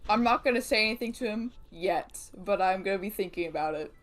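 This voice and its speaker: A woman's voice: medium pitch, fairly quick. A woman playing in a tabletop game, chatting in a blunt, playful way. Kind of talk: casual chat.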